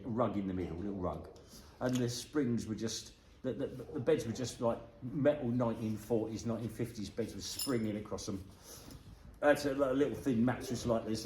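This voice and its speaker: A man's voice: medium pitch, a little mellow. Rambling, jokey British man in an echoey room. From Britain. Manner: rambling, jokey, chats to his dog between stories. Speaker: vlogger. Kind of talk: casual storytelling to camera. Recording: echoey room with some noise.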